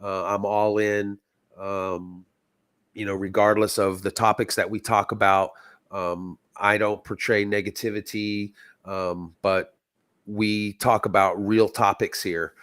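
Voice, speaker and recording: A man's voice: fairly low pitch, flat delivery, measured pace, a bit bright, no echo, clean studio sound. A man from Texas, a guest sounding stuffy from a cold, telling stories in an earnest, reflective way. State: stuffy, sick. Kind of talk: casual chat.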